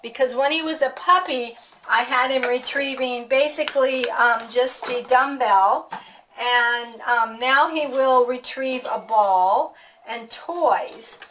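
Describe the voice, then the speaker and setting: A woman's voice: sits high, takes it slowly, fairly bright tone, slight background noise. A woman talking casually as she trains her dog at home, chatting to the camera and voicing what the dog might think. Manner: chatty, talks to the dog and voices his thoughts.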